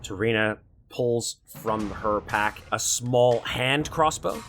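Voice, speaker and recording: A man narrating a tabletop game as dungeon master in a lively, animated way. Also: medium pitch, slow pace, slight background noise.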